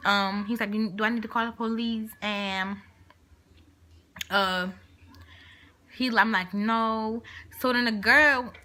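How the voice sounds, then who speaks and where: A woman's voice: on the high side, slow, long pauses. A young woman vlogger telling a story in casual, slangy talk, acting out what each person said. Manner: animated, acts out quotes of people in the story. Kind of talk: storytime vlog, casual retelling.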